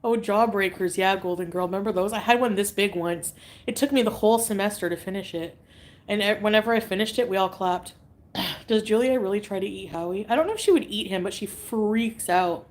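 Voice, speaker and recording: A woman's voice: mid-range voice, fairly quick. A woman from Canada chatting casually on a livestream, reading out viewer comments, giggly and drifting between topics.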